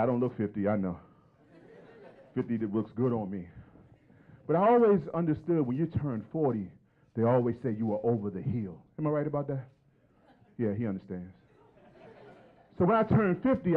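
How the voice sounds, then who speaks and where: Lively fifty-something man doing stand-up. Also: medium pitch, moderate pace, pauses often, phone-quality sound. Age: 50s. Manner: chatty, teasing the crowd with questions. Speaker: stand-up comedian. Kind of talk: stand-up comedy set. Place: stage at a comedy show.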